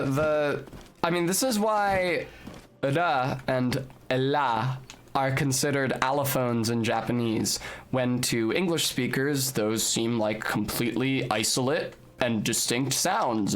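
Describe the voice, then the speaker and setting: A young man chats casually while live streaming a game, explaining things at length and letting the occasional swear slip. His medium-pitched voice is animated but unhurried.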